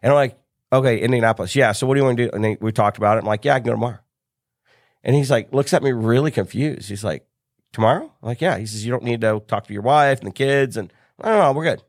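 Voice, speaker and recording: This is a business coach from the United States, middle-aged, telling a story as a podcast guest in easygoing conversation while acting out the dialogue of those involved. He's a fast talker with a medium-pitched voice. The recording is dry and of studio quality.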